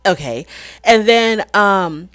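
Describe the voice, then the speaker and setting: A woman recapping a reality show in casual commentary, opinionated and animated as she retells scenes. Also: medium pitch, slow pace, dry recording, faint music behind.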